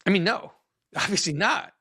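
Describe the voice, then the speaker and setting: Man, guest in a discussion, fairly high voice, earnest, dry sound. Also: animated, moderate pace, pushed and bright, slightly rough, no room sound.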